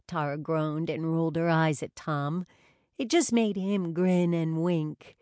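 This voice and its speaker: A woman reading a story aloud in a measured, wry storytelling manner. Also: deep voice, fairly even intonation, darkish tone, clear, resonant tone, no echo, studio quality. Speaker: audiobook narrator. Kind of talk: scripted narration.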